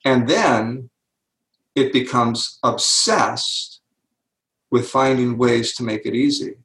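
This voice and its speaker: An older man, an author and speaker, telling stories in an interview and slowing down to stress key words. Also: mid-range voice, a bit bright, echoey room, rough recording. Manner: slows down to stress key words, acts out quoted voices. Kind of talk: interview storytelling.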